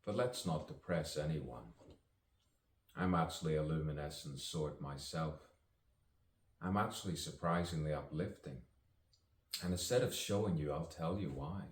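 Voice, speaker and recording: A man's voice: rumbling low, normal speed, long pauses, a little hiss or hum. A man improvising spoken-word poetry, musing and playful, with chuckles between lines. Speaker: actor and poet. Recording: roomy sound from a distance.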